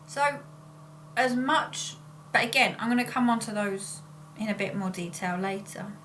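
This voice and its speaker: A woman talks casually to her viewers, drifting off topic and catching herself mid-sentence. Her voice sits at a middling pitch for a woman, and a faint hum runs underneath the recording. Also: a little slow, fairly bright tone. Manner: rambling and self-interrupting. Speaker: spiritual channeler and vlogger. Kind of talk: casual chat.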